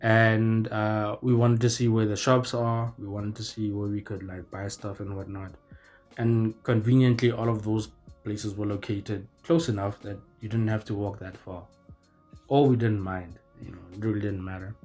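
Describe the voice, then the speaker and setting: Young man, lowish voice, casual storytelling, rambling and self-correcting, faint music under it. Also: little pitch movement, moderate pace, darkish tone.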